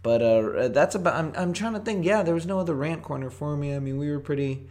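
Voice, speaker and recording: A man's voice: on the high side, fast. Rambling, cursing young guy telling a story. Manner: rambling, swearing, animated quoting. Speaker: podcast co-host. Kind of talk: casual chat, storytelling.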